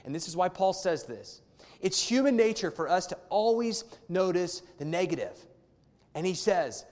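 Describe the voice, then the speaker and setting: A man's voice: sits high, animated, moderate pace, darkish tone. A man in his thirties preaching a sermon as a pastor, conversational and weaving in personal family stories. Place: church hall. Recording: long hall reverb.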